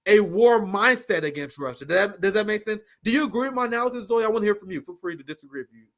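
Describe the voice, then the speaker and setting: A man's voice: high voice, lively intonation, rapid-fire, fairly bright tone. A man hosting a live political talk show, blunt and profane, riffing animatedly and handing over to a co-host. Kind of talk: casual political commentary.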